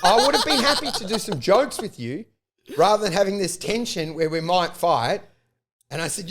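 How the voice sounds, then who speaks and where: An Australian man telling a long comic story as a podcast host, swearing freely and ranting in an animated way. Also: high-pitched, moderate pace. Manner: profane, animated, rant-like storytelling. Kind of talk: casual comedic storytelling.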